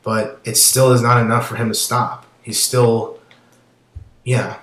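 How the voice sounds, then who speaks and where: A man's voice: medium pitch, little pitch movement, a little slow, a bit bright. Blunt muttering man in an echoey room. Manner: blunt, swears, mutters and trails off. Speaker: commentator reading chat logs. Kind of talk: casual commentary.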